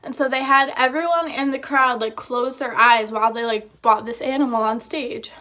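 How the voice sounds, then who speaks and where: A woman's voice: a little high, fairly even intonation, normal speed, pushed and bright. Chatty young woman telling a story. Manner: chatty, filler-heavy storytelling. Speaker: vlogger. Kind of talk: casual storytime.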